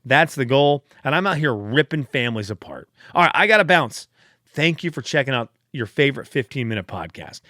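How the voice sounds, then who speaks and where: A man's voice: mid-range voice, expressive, fairly quick, pushed and bright, dry recording, studio quality. A man hosting a solo podcast, chatting casually in a rambling, self-deprecating way, fired up late at night. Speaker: podcast host.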